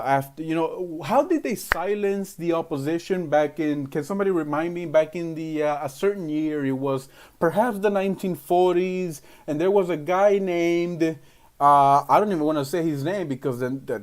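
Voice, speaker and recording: Guy ranting on a political livestream, kinda high voice, lots of uhs and you know what i'm sayings. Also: darkish tone. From Venezuela. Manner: emphatic, rambling, heavy on fillers.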